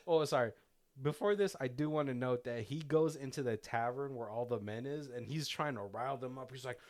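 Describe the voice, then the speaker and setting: A man co-hosting a casual movie commentary podcast, excitedly retelling scenes, acting out the characters' lines and laughing often. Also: medium pitch, normal speed. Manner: animated retelling, acting out quotes, frequent laughter. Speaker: podcast co-host.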